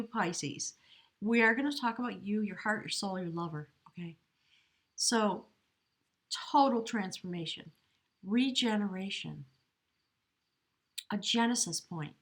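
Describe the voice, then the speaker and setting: A woman giving an earnest, emotional tarot reading at home, talking slowly and reflectively, at times choked up. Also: medium pitch. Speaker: tarot reader. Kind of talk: spiritual tarot reading to camera. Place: home, near a window.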